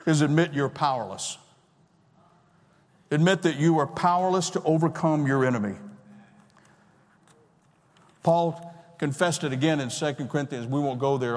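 A man in his sixties preaching a sermon as pastor, emphatic and repeating key phrases. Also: on the high side. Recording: long reverb of a large hall.

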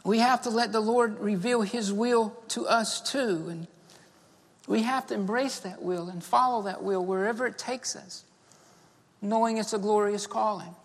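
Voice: medium pitch, fairly even intonation, normal speed. Fervent preacher in a reverberant hall. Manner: fervent, repeats phrases and punctuates with "amen" and "beloved". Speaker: pastor. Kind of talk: sermon with altar call. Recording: long reverb of a large hall.

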